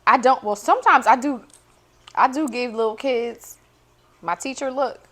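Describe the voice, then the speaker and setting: A woman co-hosting a podcast in casual chat, easy-going and quick to react. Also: a little high, fairly bright tone. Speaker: podcast co-host.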